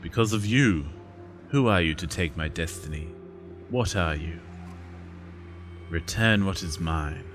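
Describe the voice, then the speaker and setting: A man's voice: sits low, a little slow, long pauses. A man voicing a monumental ancient serpent, reading game dialogue in a grandiose, ominous put-on voice. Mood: menacing. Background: game music.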